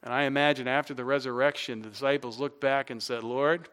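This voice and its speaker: A middle-aged man preaching a sermon as a pastor, telling stories, dropping to a hush and then rising loud and animated. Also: mid-range voice, fast talker, smooth. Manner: storytelling, swings from hushed to loud and animated.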